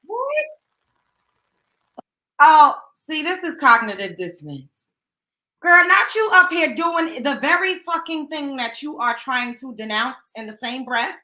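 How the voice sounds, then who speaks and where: A woman's voice: sits high, lively intonation, unhurried, pushed and bright. A woman hosting a show, reacting to a clip with indignant, emphatic commentary. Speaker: show host.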